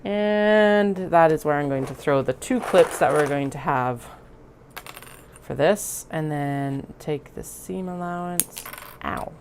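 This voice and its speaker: Speaking slowly in a deep voice, a woman crafter sews a bag on stream and chats to herself through every step with easygoing self-amusement. There is background noise, including the sound of a running sewing machine.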